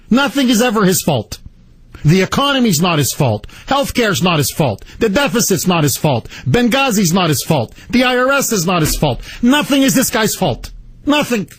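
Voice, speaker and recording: A man's voice: sits high, big pitch swings, moderate pace, a bit bright, slightly rough, dry recording. A man hosting a talk radio show, ranting in a combative, sarcastic way into a studio microphone. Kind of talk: political talk radio monologue.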